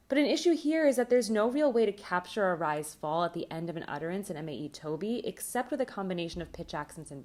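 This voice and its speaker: A woman presenting a recorded academic conference talk, reading a prepared script in a measured, explanatory way. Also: on the low side.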